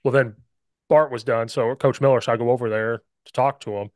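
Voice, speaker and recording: Guy hosting a football podcast, lively storyteller, really dry close sound. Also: mid-range voice, brisk, no room sound. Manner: animated storyteller, acts out quotes. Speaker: podcast host. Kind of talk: casual football chat.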